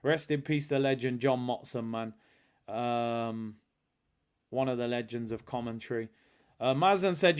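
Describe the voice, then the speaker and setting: Hosting a live football watch-along, a man speaks in a clean, mid-range voice at normal speed. Between casual chat and reading super chats from viewers, he calls the match action with excitement.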